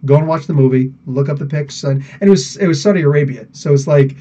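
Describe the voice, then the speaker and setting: A man's voice: fairly high pitch, fast talker, dark tone, lo-fi sound. A man hosting a live podcast, rambling casually through viewer comments with lots of fillers and laughs. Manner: rambling, chatty, laughs often, many fillers. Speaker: podcast host.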